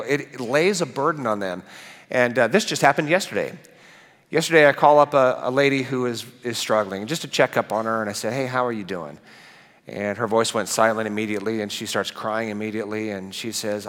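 A middle-aged male pastor giving a conversational sermon in a church, animated and asking the congregation questions. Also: medium pitch, a little fast, in a large hall. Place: church sanctuary.

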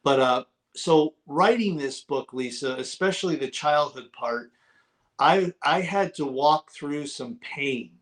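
A man's voice: on the high side, slow. A middle-aged man telling stories as a guest in an interview, repeating words for emphasis. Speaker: guest author. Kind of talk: casual interview talk.

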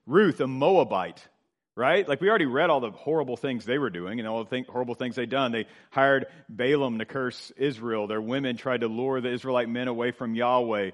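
A middle-aged man preaching a sermon. His delivery swells louder and then drops low and quiet. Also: fairly quick. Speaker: pastor.

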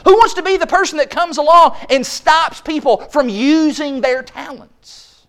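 A man's voice: very high-pitched, unhurried, fairly bright tone. A man preaching a sermon from a church pulpit, building rhetorical questions and acting out mock quotes from others. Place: church sanctuary. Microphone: pulpit microphone.

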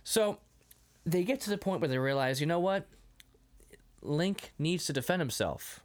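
A man's voice: a little high, moderate pace. A man co-hosting a casual podcast, recapping an old film and breaking into goofy impressions of its lines. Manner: animated, acts out film lines in goofy voices. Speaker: podcast co-host. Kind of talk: casual movie-recap chat.

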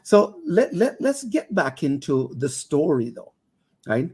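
An older man with a Jamaican accent hosts a casual interview. He jokes easily and stammers through restarts. His questions come out in a relaxed, conversational way. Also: a little high, slow, breathy edge. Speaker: interview host.

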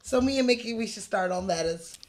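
A woman's voice: mid-range voice, brisk, slight background noise, natural voice. Brief: reckless female outlaw, read by a woman, dreamy drawl. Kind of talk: casual scene read-through.

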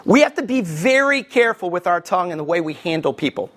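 A middle-aged man preaching a sermon as a pastor, folksy, with asides and jokes, swinging his pitch for emphasis. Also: big pitch swings, quick pace, a bit bright.

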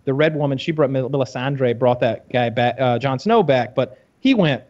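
A man's voice: mid-range voice, normal speed, darkish tone, highs cut off. A man co-hosting a podcast, explaining at length in a rambling, self-correcting way. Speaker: podcast co-host. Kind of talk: casual chat.

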